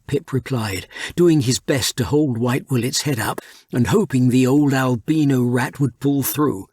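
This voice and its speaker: Husky unhurried male audiobook narrator. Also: medium pitch, dry recording, studio quality. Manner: lively, unhurried reading. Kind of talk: scripted storybook narration.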